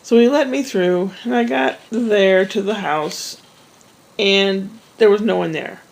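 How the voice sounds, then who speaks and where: A woman with a gravelly, fry-tinged voice talks straight to camera, telling a winding personal story. She wanders into asides and restarts her sentences in a relaxed, conversational way. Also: mid-range voice, measured pace, poor audio. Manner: rambling, chatty, with frequent restarts and asides. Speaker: vlogger. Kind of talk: casual storytelling monologue.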